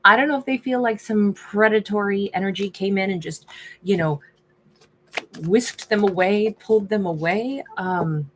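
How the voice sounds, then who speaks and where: A woman's voice: medium pitch, normal speed, a little hiss or hum. A woman giving a casual tarot reading, thinking aloud as she turns over each card. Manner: musing, thinks aloud while reading cards. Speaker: tarot reader.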